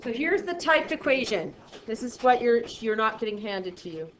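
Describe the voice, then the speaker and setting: A woman's voice: a little high, sing-song, normal speed. A woman math teacher lecturing a class, chatty and self-deprecating, quizzing her students as she works. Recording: roomy, dull lo-fi sound with faint noise.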